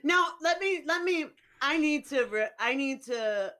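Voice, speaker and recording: A woman's voice: high-pitched, animated, unhurried, sharp tone. A woman co-hosting a casual podcast, emphatically laying down her opinion. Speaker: podcast co-host.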